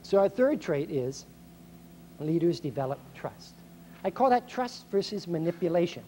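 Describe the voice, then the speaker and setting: A middle-aged man addresses a room of school staff, his pitch leaping up when he acts out grumbling complaints. His delivery is lively and conversational, with a faint background hiss on the recording. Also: normal speed. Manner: animated, acts out complaints in a raised voice. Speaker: speaker. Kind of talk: motivational speech to school staff. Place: speech hall, recorded 1990.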